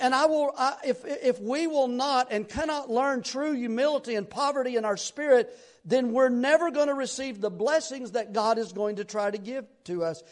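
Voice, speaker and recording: A middle-aged man from Tennessee with a Southern accent, preaching a sermon in a folksy, rambling way with sudden loud bursts. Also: very high voice. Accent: Southern American. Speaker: pastor.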